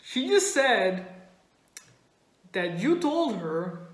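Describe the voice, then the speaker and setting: A woman doing stand-up, telling a story in an animated way and laughing often. Her first language is Spanish. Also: mid-range voice, extremely slow, very echoey, low-quality recording. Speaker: stand-up comedian. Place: comedy club stage.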